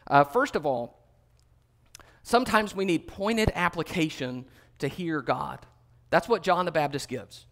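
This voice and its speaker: A man's voice: fairly high pitch, unhurried, long pauses, fairly bright tone. A man teaching a Bible study class in a conversational way, with many fillers and small self-corrections.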